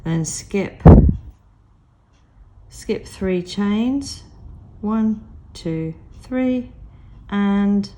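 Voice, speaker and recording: Slow, patient woman with a croaky voice. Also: medium pitch, mellow. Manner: patient, counts stitches aloud. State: croaky, recovering from a cold. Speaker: crochet teacher. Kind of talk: step-by-step craft tutorial.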